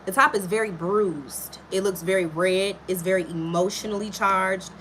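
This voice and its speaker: A woman's voice: medium pitch, fairly even intonation, moderate pace, a bit bright, slight background noise. Woman tarot reader, live stream, mid-range voice, blunt and profane, chatty big-sister energy. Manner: frank, profane and chatty, talking straight to a viewer. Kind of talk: casual live tarot reading.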